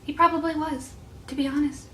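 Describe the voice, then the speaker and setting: A young woman in her twenties vlogs casually, reading old notes aloud and giggling at herself in a self-mocking way. Her voice is high, steady and sharp, a little fast. The room is echoey, with slight background noise.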